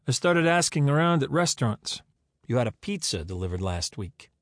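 A man voices a patient, persistent woman investigator who keeps probing with questions, pitching his voice above his own yet close to an everyday sound. He is very animated at a medium pitch and normal speed, recorded in clean studio quality with no room sound.

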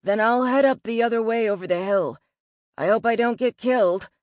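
Wry young man, played by a woman: brisk, loud, joking, in a dry, close sound. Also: a little high, very animated, no room sound.

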